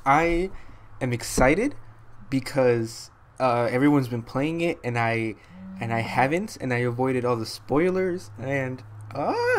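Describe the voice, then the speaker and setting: A man commentating his own gameplay, excitable, goofy and joking at himself. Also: mid-range voice, a little slow, slight background noise. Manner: excitable, goofy, self-mocking. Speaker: let's play host. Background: game music.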